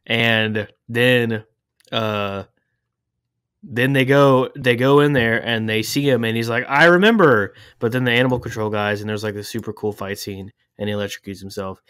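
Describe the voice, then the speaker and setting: A man with a low, smooth, resonant voice stumbles loosely through a movie summary, pausing often on fillers. He sounds close and dry, with no room around him. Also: steady tone, a bit bright, dry recording. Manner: meandering, hesitant, full of "uh" and restarts. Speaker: podcast co-host. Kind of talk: casual rambling plot summary.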